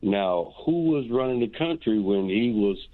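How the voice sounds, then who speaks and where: A man's voice: on the low side, lively intonation, measured pace, no room sound. A man calling in to a radio talk show, rambling and hesitant with many fillers. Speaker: caller. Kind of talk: call-in radio conversation. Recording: tinny phone line.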